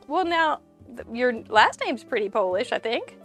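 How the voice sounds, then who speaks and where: A woman's voice: high voice, sing-song, moderate pace, fairly bright tone, faint music behind. A woman hosting a live crafting stream, chatty and bubbly, greeting viewers by name and laughing often. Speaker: host of a live crafting show.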